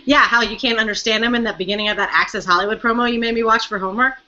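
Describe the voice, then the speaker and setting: A woman's voice: on the high side, fairly even intonation, racing, bright, forceful tone. A young woman co-hosting a casual live-stream fan chat, chatty and giggly, easily distracted. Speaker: co-host of a fan chat show. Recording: dull lo-fi webcam audio.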